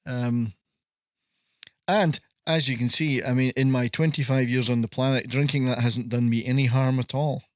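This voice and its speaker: A man's voice: mid-range voice, steady tone, normal speed, dry recording. Rambling Scottish man chatting on a livestream. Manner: rambling, self-mocking joker. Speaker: livestream host. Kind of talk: casual livestream chat. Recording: slightly muffled, dry audio.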